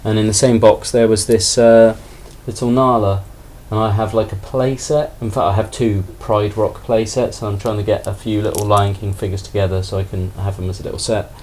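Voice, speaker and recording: A man with a fairly low voice rambles casually through a haul of collectible toys. He sounds relaxed and self-deprecating, and faint background hiss sits under his voice. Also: fairly quick, few pauses. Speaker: toy collector vlogger. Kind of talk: casual haul video chat.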